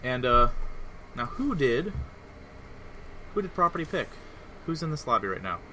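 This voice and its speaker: A man casting a live game as host, chatty and animated with the audience. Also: mid-range voice, normal speed, slight background noise. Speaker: esports caster.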